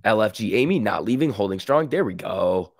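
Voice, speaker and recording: Hosting a stock market livestream despite a sick-sounding voice, this man reads the chat and responds in casual slang. He speaks on the low side, expressively and fairly quickly, and the audio is studio quality without echo.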